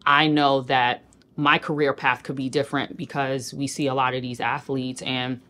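A woman with a notably deep, low voice speaks as a guest in a casual interview. She is from Queens and tells her stories with lots of animation, jumping into other people's voices as she goes. Her delivery is conversational and expressive. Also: moderate pace, a little hiss or hum. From New York (Queens). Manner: animated storyteller who acts out quoted people. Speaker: celebrity stylist, guest.

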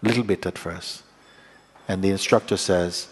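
A man giving a spiritual satsang talk, speaking slowly and reflectively with plain words and halting pauses. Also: deep voice, fairly even intonation, breathy edge, in a large hall. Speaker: spiritual teacher.

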